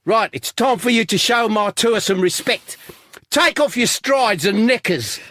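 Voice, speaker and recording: A man voices a menacing male bus driver who barks orders in a raised, strained voice, pitched above the performer's own. The delivery is high-pitched, a little slow, and fairly bright, with lively intonation, captured in clean studio sound with no room sound.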